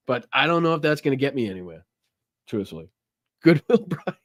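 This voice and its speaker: A man's voice: mid-range voice, very animated, fairly quick, pauses often, no echo, clean studio sound. A man with a Boston accent hosting a live politics stream, chatting casually, swearing and laughing often as he rambles. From Massachusetts, USA.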